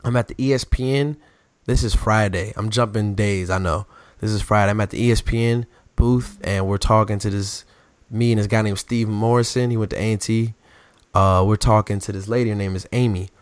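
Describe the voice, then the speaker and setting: Animated young man telling stories. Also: lowish voice, brisk, clear, resonant tone, no room sound. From the DMV area. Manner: animated, acts out quotes in raised voices. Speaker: podcast co-host. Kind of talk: casual storytelling chat.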